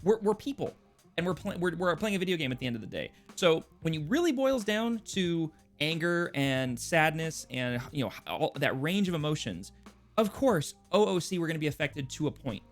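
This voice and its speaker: A man from California hosting a podcast, chatting casually, quick to agree and thoughtful. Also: a little high, very animated, faint music behind. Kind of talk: casual chat.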